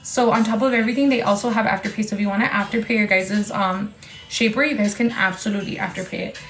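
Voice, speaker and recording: A woman chatting excitedly as she sells clothes on a live stream, talking casually and swearing freely. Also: mid-range voice, fast talker, echoey room, soft background music, low-quality recording. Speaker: TikTok live seller. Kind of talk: casual livestream sales chat.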